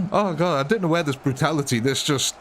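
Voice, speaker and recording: A British man with a fairly high voice streams a game live, chatting casually with his viewers and joking around. He answers people in the chat by name, with slight background noise behind him.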